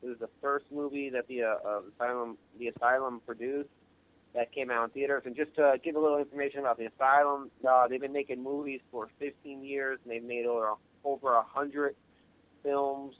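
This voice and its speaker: A man from Long Island, New York, a guest actor and director, talking modestly and haltingly in a casual radio interview, stumbling over restarts. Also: mid-range voice, little pitch movement. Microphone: phone line. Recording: dry, tinny phone line.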